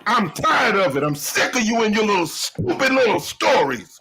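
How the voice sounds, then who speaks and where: A man's voice: sits high, big pitch swings, measured pace, bright, forceful tone, poor audio. A man hosting a show, delivering a heated, profane commentary rant with emphatic, laughing delivery.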